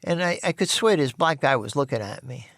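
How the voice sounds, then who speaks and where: An older man casually telling his own rough life story, blunt and profane, rambling with many restarts. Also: a little high, expressive, fairly quick, a bit bright, no room sound, clean studio sound.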